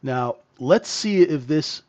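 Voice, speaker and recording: Animated yet unhurried, a man with a slightly high, slightly mellow voice mentors traders live in a trading room. He's blunt and emphatic and keeps adding "right?"; the stream audio is dull and lo-fi.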